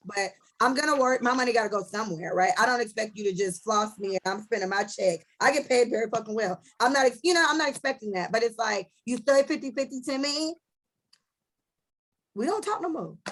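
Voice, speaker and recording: A woman hosting a casual podcast chat, telling stories in a blunt, animated way with lots of profanity. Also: fairly high pitch, fast, few pauses. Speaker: podcast host.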